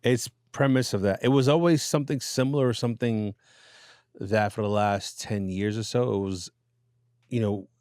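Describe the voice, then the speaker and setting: A man, a radio DJ guest, telling stories in a relaxed, casual interview chat with fillers and laughs. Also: fairly low pitch, normal speed, clear, resonant tone, no room sound, studio quality.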